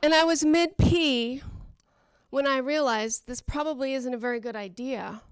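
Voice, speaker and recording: A woman from Oakland doing a rambling, self-deprecating stand-up routine with halting restarts. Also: sits high, clean tone, no echo. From Oakland, California. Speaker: stand-up comedian.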